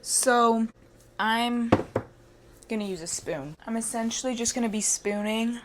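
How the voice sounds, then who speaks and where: A woman's voice: on the high side, brisk, noisy background. A woman cooking in her home kitchen and talking playfully to her viewers, joking as she works, while wearing a mic. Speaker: cooking vlogger. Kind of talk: casual cooking vlog talk.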